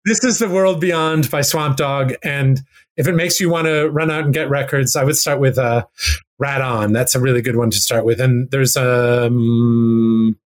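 A man telling a long music anecdote in casual chat, acting out quotes with lively restarts. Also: mid-range voice, a little slow. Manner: animated, acts out quotes with rambling restarts. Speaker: guest music expert. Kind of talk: casual storytelling.

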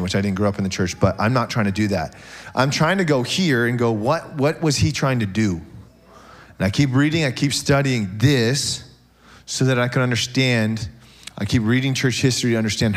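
In church, a pastor with a medium-pitched voice gives an animated sermon, joking with the congregation and often checking in with "okay?".

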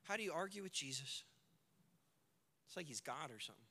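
A male pastor preaching a sermon, retelling scripture scenes with animated storytelling and building to shouted climaxes. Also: a little high, fairly quick, big-room sound.

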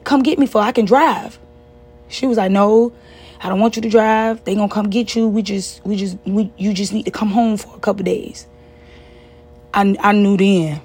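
A young woman with a soft, breathy voice tells a personal story in casual speech. She stammers and restarts and jumps higher to quote others. Her voice grows quieter and halting, close to tears, as the story turns to grief. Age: young adult.

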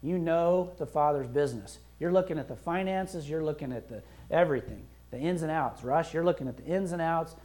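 In a church, a pastor delivers a sermon in a conversational yet emphatic style, acting out prayers and quotes along the way. His mid-range voice is warm and fairly quick, with hardly any pauses.

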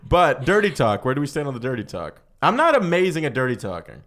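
A young man riffs as a podcast host, blunt and joking, sentences trailing off into fillers. His pitch sits in the middle, neither high nor low. The talk is loose, candid comedic chat. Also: huge pitch swings, fast talker, a bit bright.

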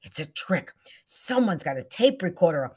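A blunt, cynical film buff, a big plump older woman from a storybook, as a woman reader puts her on. The voice sits lowish and husky, and she speaks with emphatic bluntness. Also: sing-song, normal speed, darkish tone. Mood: suspicious.

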